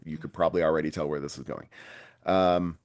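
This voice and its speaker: A man's voice: very deep voice, steady tone, brisk, a little mellow, no echo. A man hosting a casual podcast, telling a story with sardonic asides. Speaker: podcast host.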